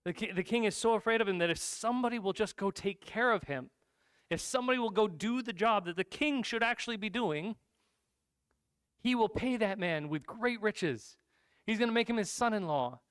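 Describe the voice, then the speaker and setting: A male pastor preaching a sermon, retelling a Bible story in a lively, casual way with asides to the congregation. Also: high voice, moderate pace, clear, resonant tone, no echo.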